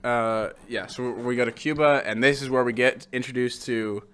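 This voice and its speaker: A man co-hosting a casual film podcast who swears freely and acts out lines from the movie. His voice is bright and crisp. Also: mid-range voice, steady tone, normal speed. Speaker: podcast co-host. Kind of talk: casual film review chat.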